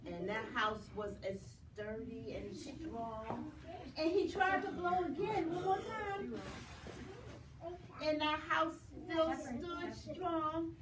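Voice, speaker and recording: A woman reading a children's story aloud at a library storytime, animated and coaxing the children to join in. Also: high-pitched, slow pace. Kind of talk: reading a picture book aloud to young children. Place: library program room, indoors. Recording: echoey room, mic from far off, noisy.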